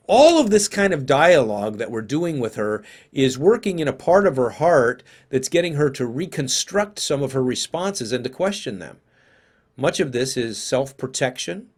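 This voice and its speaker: A man's voice: medium pitch, sing-song, normal speed, darkish tone. A man teaching parents in a live seminar, talking conversationally and thinking aloud with occasional fillers.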